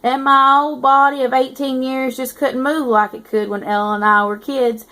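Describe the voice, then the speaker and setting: Brief: cocky young college guy narrating, told in a fairly high woman's reading voice. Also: flat delivery, normal speed, sharp tone. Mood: amused. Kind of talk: reading a novel aloud.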